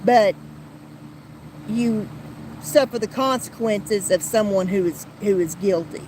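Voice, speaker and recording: A woman's voice: mid-range voice, slow pace, noisy background. A woman hosting a podcast, talking in a blunt, heated way with frequent restarts and some swearing. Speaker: podcast host. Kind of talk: casual commentary podcast.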